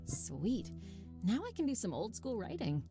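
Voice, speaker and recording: A woman's voice: a little high, very animated, unhurried, over music. A woman voicing a wry young woman writer on a spooky vacation in a game.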